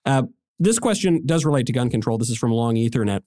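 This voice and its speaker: A man's voice: mid-range voice, expressive, quick pace, dark tone. A man hosting a political podcast, teasing his guest in a mock-serious tone and reading out listener questions. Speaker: podcast host. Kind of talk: casual political podcast chat.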